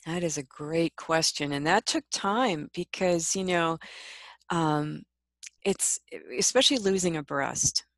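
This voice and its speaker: A woman guest telling a personal story in an interview, reflective and soft-spoken, often laughing. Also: deep voice, measured pace, no room sound.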